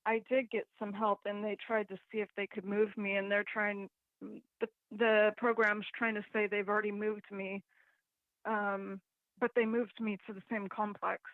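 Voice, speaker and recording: A woman's voice: medium pitch, level tone, moderate pace, no room sound. A woman calling in to a radio show, hesitant and stammering, laughing easily. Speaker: caller. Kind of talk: phoned-in radio chat. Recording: dull call-in line.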